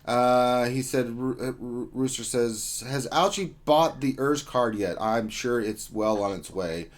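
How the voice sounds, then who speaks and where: A man's voice: medium pitch, a little slow. A man hosting a casual gaming livestream, reading out chat greetings in a joking, rambling way with lots of fillers. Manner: joking, rambling, with many ums and uhs. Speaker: livestream host.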